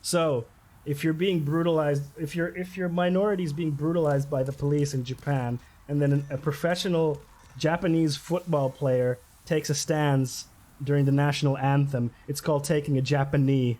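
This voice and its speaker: Male streamer, excitable and giggly, slightly high and very animated delivery, live game-stream chat. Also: unhurried, pauses often, very noisy.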